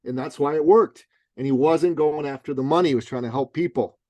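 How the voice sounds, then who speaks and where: A middle-aged man, an author and business coach, telling a punchy, animated story as a guest in an interview. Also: a little high, brisk, dry recording. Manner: lively, punchy, acts out other people's voices.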